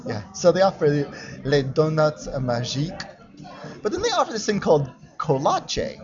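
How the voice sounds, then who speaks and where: Casual male co-host, higher-pitched, teasing and mock-grand, dull lo-fi sound with a crowd behind. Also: sing-song, normal speed. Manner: playful, mock-pompous. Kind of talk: casual chat. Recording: lo-fi recording with crowd chatter behind.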